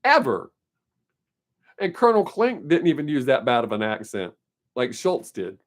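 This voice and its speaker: Every week this man goes live to chat with viewers and reply to their comments in a casual, rambling, opinionated manner, laughing often. His mid-range voice swings hugely in pitch at a normal speed.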